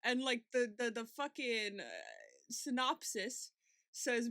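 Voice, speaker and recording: High bright woman chatting on a podcast, laughs a lot, swears, dry close sound. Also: measured pace, dry recording. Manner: laughs often, swears freely, animated. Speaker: podcast co-host. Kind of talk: casual recap chat.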